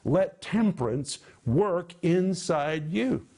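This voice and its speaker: A man's voice: on the high side, expressive, slow, a little mellow. A man giving televised Bible teaching, emphatic and direct, stacking up long lists of words and calling his listeners "my friends.". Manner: emphatic, piles up lists of synonyms.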